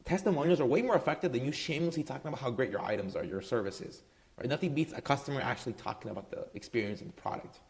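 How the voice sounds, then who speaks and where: A man's voice: mid-range voice, very fast, gravelly, a little mellow. A man running a marketing business, giving casual advice straight to camera in a loose, conversational way, tagging his points with "right?" and plenty of "um"s. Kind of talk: casual talking-head advice.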